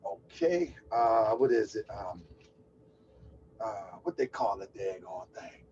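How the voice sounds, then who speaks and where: A man with a fairly low, slightly mellow voice speaks slowly, with a little hiss or hum. He hosts a call-in livestream, chatting loosely, exclaiming and laughing while he sets up. The mic sounds distant, dull and lo-fi.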